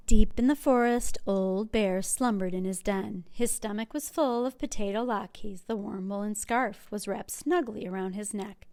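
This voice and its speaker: A woman working as a children's librarian, reading a picture book aloud with clear, expressive storytelling. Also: mid-range voice, unhurried, hardly any pauses, dry recording.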